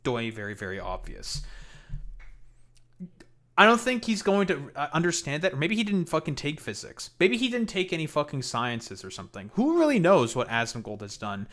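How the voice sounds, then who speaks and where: A man's voice: on the high side, wildly swooping pitch, normal speed, a bit bright. Man, streamer host, reaction commentary, cursing, exasperated ranting.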